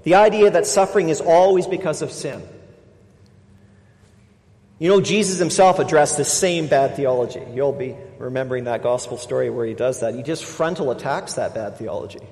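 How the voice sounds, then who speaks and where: Emphatic preacher in a reverberant hall. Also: male voice, medium pitch, normal speed. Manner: emphatic, swings between loud stresses and quiet asides. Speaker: pastor. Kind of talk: sermon. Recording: long reverb of a large hall.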